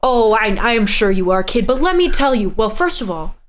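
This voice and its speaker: A woman's voice: on the high side, sing-song, a little fast, slight background noise. A woman voicing a burly, hairy, kindly man who talks in a folksy, encouraging way. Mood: fatherly, encouraging. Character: burly, hairy, kindly middle-aged man, a family friend.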